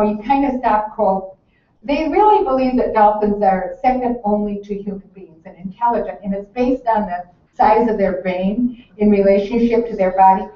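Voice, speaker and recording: A woman presenting children's books to an audience, talking with animated enthusiasm and frequent laughter. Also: high-pitched. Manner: animated, gushing, laughs often. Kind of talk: enthusiastic book talk to an audience. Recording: echoey hall from far off, dull lo-fi.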